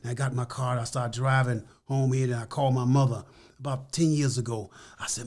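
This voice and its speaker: A man's voice: medium pitch, flat delivery, a little fast, a little mellow. An older American man talking as a guest in a casual interview, earnest and full of "you know" and "like I said.".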